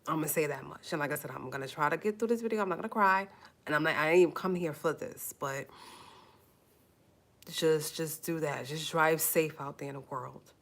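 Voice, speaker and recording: Talking a little fast in a deep voice, a woman addresses her viewers on a casual YouTube livestream. She's earnest and emotional, almost pleading, repeating herself conversationally while holding back tears.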